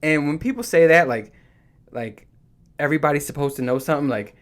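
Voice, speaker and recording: A vlogger from New Jersey with a slightly high voice talks briskly through rambling, profane stories. His casual vlog is packed with fillers like "you know" and "right?".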